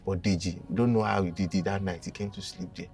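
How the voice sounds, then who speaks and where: A young Nigerian man telling a funny confession story in a casual, dramatic and animated way, with a gravelly voice. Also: low voice, quick pace, recorded from a distance, soft background music. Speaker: guest.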